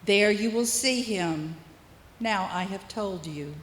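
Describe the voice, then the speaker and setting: A woman reading a scripture passage aloud, slow and careful, in a church service. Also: mid-range voice, fairly bright tone. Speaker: scripture reader. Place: church sanctuary. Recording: echoey church with long reverb.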